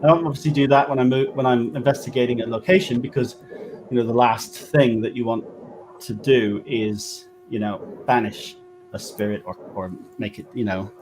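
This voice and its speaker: A man's voice: medium pitch, steady tone, noisy background. A man with a West Country English accent, a guest medium talking in a casual interview, full of fillers and restarts. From England. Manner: halting, many fillers and restarts.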